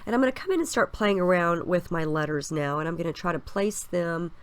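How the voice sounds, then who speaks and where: A woman's voice: fairly low pitch, expressive, brisk, clear, resonant tone. Chatty stuffy-nosed woman crafter. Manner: chatty and upbeat, explaining each step. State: stuffy from a cold. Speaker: scrapbooking crafter. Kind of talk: casual process video voice-over.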